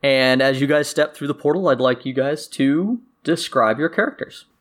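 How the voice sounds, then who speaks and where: A man's voice: mid-range voice, normal speed. A man running a tabletop game as game master, narrating with playful, wry asides.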